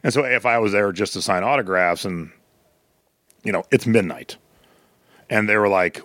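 A middle-aged man with a fairly low voice spins anecdotes in relaxed podcast chat, switching into lively quoted voices. The sound is dry and close, with no room around it. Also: moderate pace, long pauses, dry recording. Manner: storytelling, animated quoted voices. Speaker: podcast co-host. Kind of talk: casual chat.

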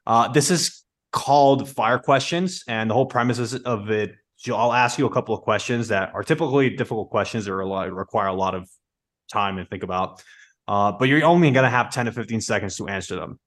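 A man's voice: lowish voice, a little fast. A man hosting a podcast, with a slightly non-native accent, talking loosely with many "like"s and restarts. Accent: non-native English accent. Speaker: podcast host. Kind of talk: podcast interview.

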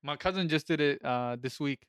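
A man's voice: a little high, a little fast, clean tone, no room sound, clean studio sound. A man co-hosting a podcast, casually telling a story from his life. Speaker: podcast co-host.

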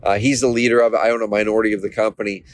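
A man from Oregon in his thirties, telling a personal story as a lesson, energetic, with quick restarts and animated quotes. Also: fairly low pitch. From Oregon, USA. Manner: energetic, animated quoting of others, frequent restarts. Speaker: business coach.

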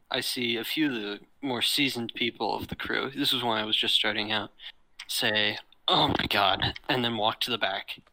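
A young man in casual chat with friends, telling an animated story from work and swearing freely. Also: medium pitch, rough recording.

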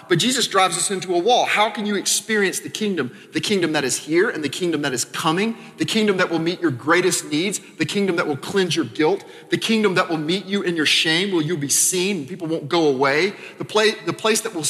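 The preacher here is a pastor from Arkansas in the American South, speaking from a church sanctuary with a bright, somewhat high-pitched voice. He keeps it chatty, throwing in fast asides and then abruptly dropping his volume, while lengthy hall reverb lingers after each line.

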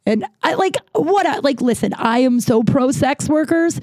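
A young woman hosts her podcast in a loose, rambling storytelling flow, packed with "like" and "you know" and lively asides. Her voice is dark and mellow, recorded dry and close with no room sound. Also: high-pitched, moderate pace, hardly any pauses, dry recording. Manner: rambling, filler-heavy, animated retelling. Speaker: podcast host. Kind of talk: casual storytelling monologue.

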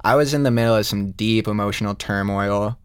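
A man, a bassist, telling a rambling story in casual podcast chat. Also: fairly quick, smooth, no room sound, studio quality. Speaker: bassist and co-host.

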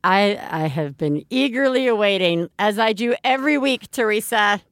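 A woman's voice: mid-range voice, animated, moderate pace. A woman in her thirties co-hosting a casual chat, rambling with frequent fillers and restarts. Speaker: podcast co-host.

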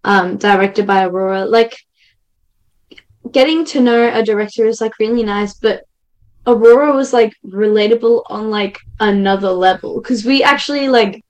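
A woman's voice: mid-range voice, moderate pace, poor audio. A young woman from Australia, an actor guest, chatting bubbly and gushing with many filler words. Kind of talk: casual interview chat.

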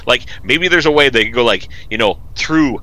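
A man's voice: medium pitch, expressive, moderate pace, pushed and bright. A man chatting casually on a podcast, rambling and acting out lines in silly voices. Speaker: podcast co-host. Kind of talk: casual chat.

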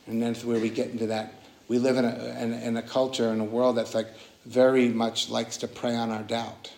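A man's voice: medium pitch, flat delivery, moderate pace, gravelly, darkish tone. A man leading a casual, earnest dharma talk as a meditation teacher, often restarting his sentences. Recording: roomy echoing hall.

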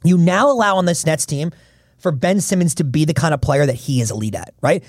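A man hosting a sports podcast, talking fast and emphatically as he argues his points. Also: on the high side, animated, no room sound, clean studio sound. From Philadelphia area. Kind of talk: casual sports talk.

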